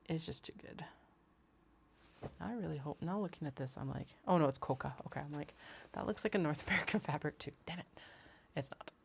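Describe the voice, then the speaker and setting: A woman's voice: low voice, vocal fry. A woman chatting casually on a livestream, rambling and laughing often. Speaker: craft business owner.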